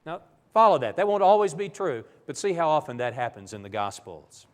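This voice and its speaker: Animated preacher in an echoing church. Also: male voice, fairly high pitch, fairly quick. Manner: animated, vivid storytelling. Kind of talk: sermon-style Bible lesson.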